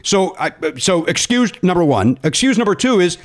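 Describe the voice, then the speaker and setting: A man hosting a comedy podcast in casual interview chat. His pitch swoops up and down as he tells stories, and he keeps breaking into laughter. His voice sits a little higher than average. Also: normal speed. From Illinois. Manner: animated, laughing storyteller. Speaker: podcast host.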